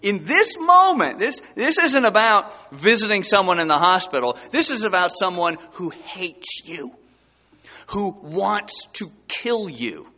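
A man preaching a sermon as a pastor, his voice surging high and loud for emphasis. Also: big pitch swings, a little slow. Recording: dull sound with long hall reverb.

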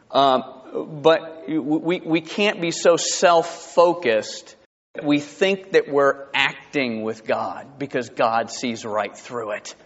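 A man preaching a sermon to his congregation, animated and rising to high emphatic peaks. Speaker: pastor. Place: church sanctuary. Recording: dull sound with long hall reverb.

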